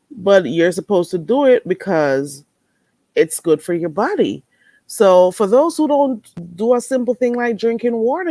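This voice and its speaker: A woman's voice: medium pitch, no room sound. Woman chatting to chat, bouncy up-and-down voice, dry close sound. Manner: animated, chatty, laughs often. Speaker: vlogger answering live chat. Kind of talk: casual chat to viewers.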